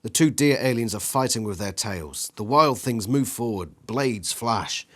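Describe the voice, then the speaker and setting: A man reading an interactive gamebook aloud in an animated way, acting out the sound effects with his voice. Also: on the low side, unhurried. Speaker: reader.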